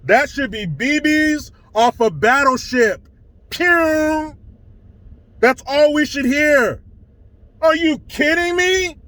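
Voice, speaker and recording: Male commentator, high voice, slow deliberate pace, mocking and profane rant style. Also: fairly bright tone, dry recording. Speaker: online commentator. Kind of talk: ranting commentary.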